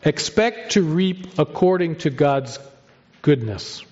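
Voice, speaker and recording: A male pastor preaching a sermon with emphatic delivery, drawn-out pauses and rising stresses. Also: on the high side, lively intonation, a little mellow, dull audio.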